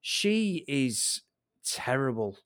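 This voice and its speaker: A man's voice: medium pitch, very animated, very slow, fairly bright tone, no room sound, clean studio sound. A man co-hosting a casual film review podcast, blunt and sweary as he rants about a bad movie. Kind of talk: casual chat.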